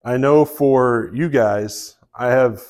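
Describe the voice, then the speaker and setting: Speaking slowly in a medium-pitched voice, a Southern-accented pastor delivers a sermon before a live congregation. He relaxes into a story, sprinkling in plenty of fillers.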